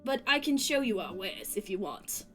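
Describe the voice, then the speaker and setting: A woman voicing a humble, gentle male village vendor in a text game, speaking in a soft, folksy way. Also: mid-range voice, big pitch swings, moderate pace, faint music behind.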